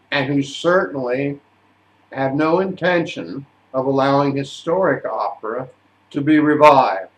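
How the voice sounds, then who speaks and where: An older man, an opera singer, telling stories in a deliberate, indignant way. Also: medium pitch. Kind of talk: storytelling monologue. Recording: echoey room.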